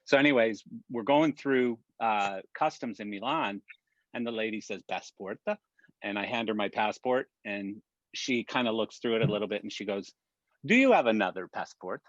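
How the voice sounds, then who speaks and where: A man telling a story in an animated, rambling way with many restarts, on a video call from home. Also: fairly low pitch, normal speed, dry recording, dull audio. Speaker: production industry guest. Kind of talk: casual storytelling.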